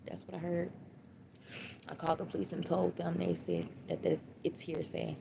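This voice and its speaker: Gravelly-voiced woman recounting a loss. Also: lowish voice, flat delivery, normal speed. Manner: repetitive, blunt and emotional, with slang and restarts. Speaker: grieving mother telling her story. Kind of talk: livestream personal account. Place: home livestream. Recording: dull lo-fi stream audio with noise.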